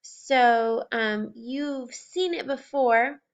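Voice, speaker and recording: A woman teacher walking through a language lesson in a patient, explanatory way, slowing down to model pronunciation. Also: fairly high pitch, smooth. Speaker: French teacher. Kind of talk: recorded lesson narration.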